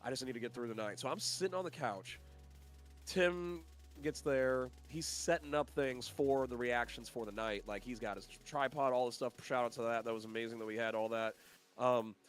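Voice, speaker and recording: A young man co-hosting a podcast, telling stories in an excitable, animated way, his sinuses stuffed up. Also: medium pitch, moderate pace, soft background music. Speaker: podcast co-host. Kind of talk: casual chat.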